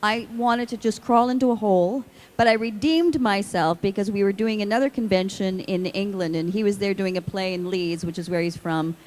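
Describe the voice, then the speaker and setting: A woman actor on a convention panel, telling a self-mocking story to the audience in a lively way. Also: medium pitch, brisk.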